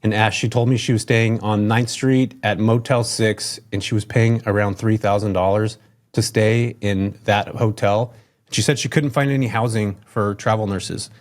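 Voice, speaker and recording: A man's voice: lowish voice, steady tone, normal speed. A middle-aged man from California, a podcast guest telling his story in an upbeat, enthusiastic, chatty way. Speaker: podcast guest, real estate investor. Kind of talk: casual storytelling.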